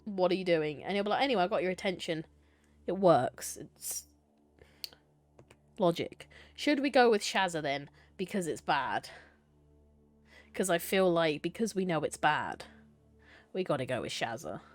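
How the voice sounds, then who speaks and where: A woman's voice: fairly low pitch, animated, unhurried, pauses often, no echo, soft background music. A young adult woman live-streaming a choice game, reading it aloud and chatting playfully with viewers, laughing and swearing casually.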